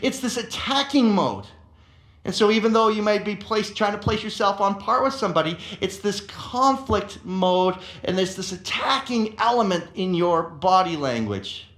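A man preaching a sermon as a pastor, telling stories in an animated way and often repeating words as he goes. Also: high voice, moderate pace, roomy sound.

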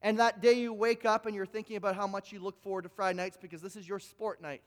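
A man with a strikingly high voice preaches a sermon, telling animated stories and acting out both sides of conversations. He often stammers and repeats words as he goes. His voice rings with the long reverb of a large hall. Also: fast. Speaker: pastor.

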